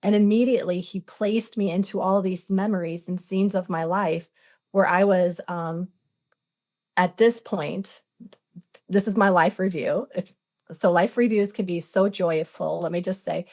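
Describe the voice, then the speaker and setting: A woman's voice: fairly low pitch, steady tone, normal speed, darkish tone. A woman in her forties, a podcast guest, earnestly retelling a personal experience, acting out the dialogue as she goes. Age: 40s. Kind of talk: personal storytelling interview.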